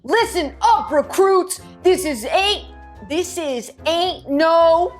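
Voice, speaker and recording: A woman voicing a bossy female boot-camp colonel with a Southern accent, barking orders loudly. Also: extremely high pitch, expressive, slow pace, soft background music, pitched above the performer's own voice, exaggerated voice. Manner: barking orders, loud and commanding.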